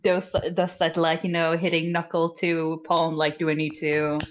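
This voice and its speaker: A woman's voice: low-pitched, flat delivery, normal speed, dull audio. A woman playing a tabletop game, laughing and hesitant. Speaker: player. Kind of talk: casual tabletop play.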